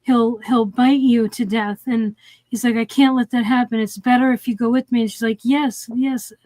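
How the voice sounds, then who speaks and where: A woman's voice: fairly high pitch, steady tone, moderate pace, darkish tone, no echo. A woman co-hosting a film review stream, retelling the plot in a rambling, casual way full of fillers and restarts. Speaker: co-host of a movie review stream.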